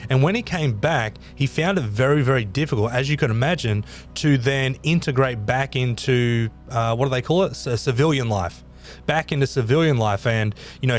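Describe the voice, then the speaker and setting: A man's voice: medium pitch, fairly quick, slight background noise. A man hosting a podcast, telling a story in a casual, rambling way with emphatic repeats. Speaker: podcast host.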